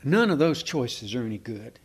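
A man teaching a Bible passage in a relaxed, conversational way, often pausing with fillers and asking his listeners questions. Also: medium pitch, a little hiss or hum. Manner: conversational, asks the room questions, hesitant with many fillers. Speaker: preacher. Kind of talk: informal Bible teaching to a small congregation.

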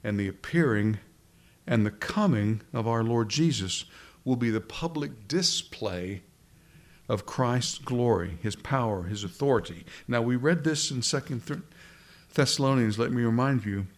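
A male pastor delivers a sermon in a relaxed, conversational way. His voice sits at an ordinary middle pitch. He restarts phrases and poses rhetorical questions as he explains. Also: unhurried.

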